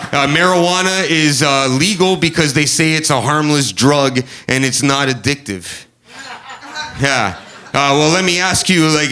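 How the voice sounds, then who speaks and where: Nervy guy doing standup on stage, kinda higher voice, lots of uh and um, keeps restarting. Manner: halting, nervous delivery with many fillers. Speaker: stand-up comedian. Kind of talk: stand-up comedy. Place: comedy club stage with a live audience.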